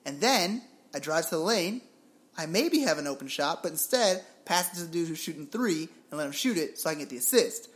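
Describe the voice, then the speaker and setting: Speaking a little fast in a higher-than-average voice, this young co-host from Puerto Rico tells stories on a laid-back sports podcast. He's lively, breaks into laughter often, and curses offhandedly.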